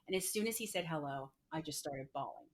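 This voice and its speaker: Brief: middle-aged woman guest, low-pitched voice, candid, filler-heavy storytelling. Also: expressive, a little fast. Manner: frequent "like" fillers, emotional retelling. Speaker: podcast guest, entrepreneur.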